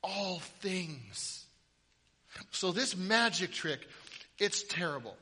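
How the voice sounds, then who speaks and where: A man's voice: sits high, very animated, slow, bright, forceful tone, slightly rough. A man preaching a sermon with humorous storytelling in a large hall. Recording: reverberant hall.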